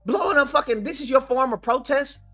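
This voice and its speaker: A man hosting his channel, ranting in a profane, mocking, animated commentary. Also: very high voice, fairly quick, soft background music. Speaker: channel host. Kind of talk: commentary rant.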